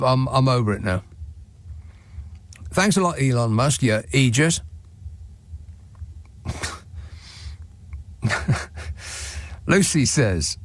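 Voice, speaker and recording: A man's voice: medium pitch, no room sound. A male radio host takes calls and reads out listener texts in a dry, mocking tone. His voice sits in a middle register and stumbles over its own restarts. The studio sound is close and completely dry. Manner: dry, sardonic, with frequent restarts. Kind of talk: talk radio phone-in and reading listener texts.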